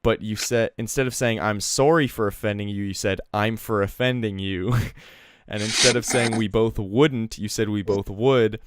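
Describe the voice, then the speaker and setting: A man's voice: fairly low pitch, steady tone, normal speed, noisy background. A man co-hosting a casual comedy podcast, reading emails aloud with amused laughter. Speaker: podcast co-host.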